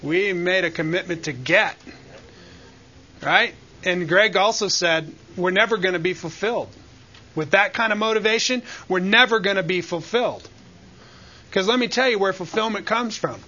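A man leads a church Bible lesson, preaching and putting questions to the room. His voice sits high and comes across bright. The recording is a bit dull and lo-fi. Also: moderate pace. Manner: preacherly, asks the group questions. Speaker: Bible teacher. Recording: dull lo-fi sound.

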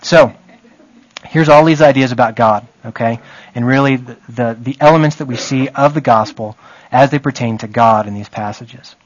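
A man's voice: medium pitch, moderate pace, dry recording, dull audio. A man teaching a Bible study in a conversational way, often checking in with his listeners.

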